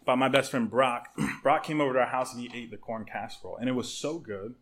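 A pastor preaches a sermon, telling stories in an animated, humorous way with conversational restarts and repeated words. He speaks at medium pitch and a quick pace.

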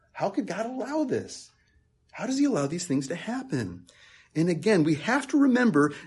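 A male preacher in a conversational sermon, his voice husky and a little breathy. He talks earnestly, repeats words as he works through a thought, then climbs into emphatic, passionate peaks. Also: medium pitch. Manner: repeats words while thinking aloud.

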